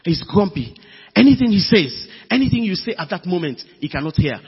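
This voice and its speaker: Preacher, male, high and husky, lively delivery; dull recording, long hall echo. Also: brisk. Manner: animated, emphatic preaching with sudden loud bursts. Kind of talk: sermon.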